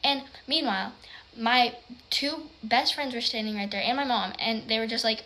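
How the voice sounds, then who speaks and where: A woman telling a personal story in casual chat, rambling with lots of "like" and sometimes dropping to a hushed whisper. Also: on the high side, lively intonation, a little fast. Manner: rambling, heavy use of "like".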